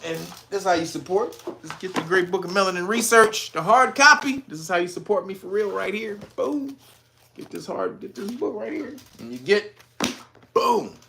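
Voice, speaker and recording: A man hosting a casual news commentary stream, talking in a profane, animated way and often laughing. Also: a little high, a little hiss or hum. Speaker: channel host.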